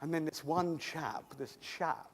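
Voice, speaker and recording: Man acting a cheerful once-lame man, high voice, stammering, chuckling, comic monologue. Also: a little slow. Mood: chatty, comic. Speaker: actor in a monologue.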